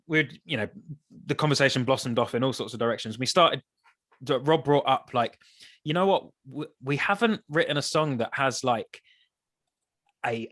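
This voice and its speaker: A man, a songwriter guest on a podcast, talking in a thoughtful, hesitant way with many restarts, his voice still a bit rough from the early morning. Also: medium pitch, fairly bright tone. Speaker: musician guest. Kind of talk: casual interview chat.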